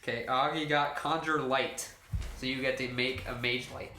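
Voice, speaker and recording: A man's voice: medium pitch, steady tone, normal speed, pushed and bright, reverberant, a little hiss or hum. A man acting as game master, explaining the rules in a rambling way, full of fillers and restarts. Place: room shared with players.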